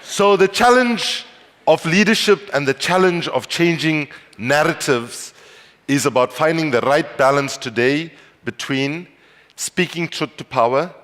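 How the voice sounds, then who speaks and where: A man's voice: fairly high pitch, a little slow, a bit bright. A man from South Africa giving a conference speech, telling anecdotes with wry humor and building to emphatic passion. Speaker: speaker. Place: large conference hall. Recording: long hall reverb.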